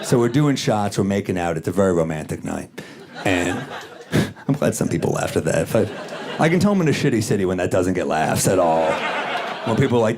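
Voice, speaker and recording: A man doing stand-up comedy on stage, telling a story with a wry, self-deprecating delivery and quick jumps into acted-out voices. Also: fairly low pitch, sing-song, crowd noise. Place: comedy stage before a live audience. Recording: clear audience noise. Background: audience laughter.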